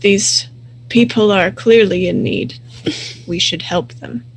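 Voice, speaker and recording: A woman voicing an older grey-muzzled male werewolf who speaks in a gentle, measured, fatherly way. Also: mid-range voice, steady tone, slightly rough, poor audio.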